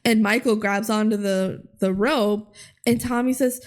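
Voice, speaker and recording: A woman's voice: medium pitch, steady tone, a little slow. A young woman co-hosting a podcast, recapping a movie in casual chat, giggling often and acting out quotes in bouncy voices. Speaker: podcast co-host.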